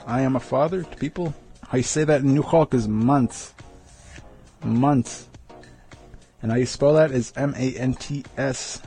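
Slow, gravelly man repeating words. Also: mid-range voice, a little mellow. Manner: slow, repeats each word several times, sounds them out. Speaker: language learner teaching words of the day. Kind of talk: casual vlog word lesson.

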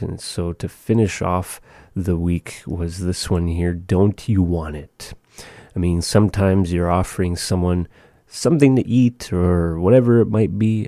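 Deep-voiced man hosting a radio language segment. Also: gravelly, dark tone, no echo, studio quality. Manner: slow, careful repetition of phrases. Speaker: radio host teaching language phrases. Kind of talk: casual radio talk with language lesson. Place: radio studio.

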